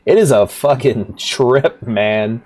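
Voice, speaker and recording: A man's voice: mid-range voice, slow, darkish tone. A man streaming a rhythm game, chatting casually in a rambling, profane way, laughing often. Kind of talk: casual livestream chat.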